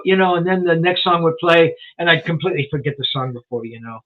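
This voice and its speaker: A man in his sixties, a guest journalist, tells an anecdote in a fairly high, chatty voice. He rambles and restarts his sentences, leaning on "you know" as filler. The sound comes through thin and phone-like, as over a call. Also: quick pace. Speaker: guest rock journalist and author. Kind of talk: casual storytelling in a live interview. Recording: tinny phone-like line.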